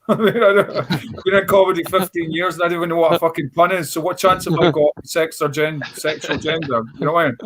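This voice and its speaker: A man's voice: fairly high pitch, fairly even intonation, quick pace, hardly any pauses, fairly bright tone, a little hiss or hum. A Scottish man in his forties, a comedian telling a rambling, blunt, self-mocking story on a panel show. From Scotland. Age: 40s. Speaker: stand-up comedian.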